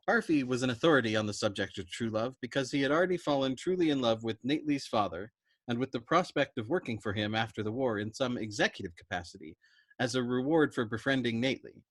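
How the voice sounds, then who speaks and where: A man with a mid-range voice reads a novel aloud as a storyteller. His reading is expressive and animated. The sound is dry and close, with no room echo. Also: mid-range voice, fast.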